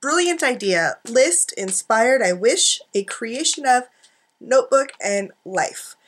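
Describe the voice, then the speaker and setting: Chatty high-voiced woman rambling to camera. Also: expressive, slow, breathy edge. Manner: chatty, giggly, self-mocking asides. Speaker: art journaling vlogger. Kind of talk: rambling casual chat to camera. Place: home craft desk, indoors. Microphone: camera on desk.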